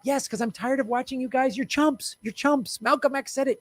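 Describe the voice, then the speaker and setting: A fiery man rants to camera in a heated political commentary, blunt and profane, hammering each point home. His voice sits high for a man, and the sound is close and dry. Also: a little fast, fairly bright tone, no room sound.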